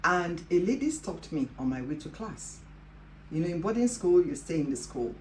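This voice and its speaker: A woman from Africa hosts a Christian devotional show, earnestly recounting a personal testimony and leaning on "you know" as she goes. Her voice is low, the room is echoey, and faint ambient noise sits underneath. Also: very animated, moderate pace, a little mellow.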